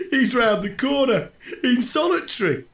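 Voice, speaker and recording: A man's voice: extremely high pitch, expressive, a little slow, fairly bright tone, heavily acted. An actor playing an eccentric hospital patient who giggles constantly and drawls his odd remarks. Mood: giggly. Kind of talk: video game voice acting. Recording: roomy echo with light game music.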